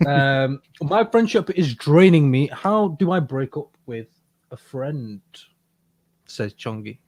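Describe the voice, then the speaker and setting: A man's voice: medium pitch, expressive, slow, darkish tone. A man co-hosting a casual advice podcast in a studio, talking hesitantly with many fillers and frequent laughs. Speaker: podcast co-host.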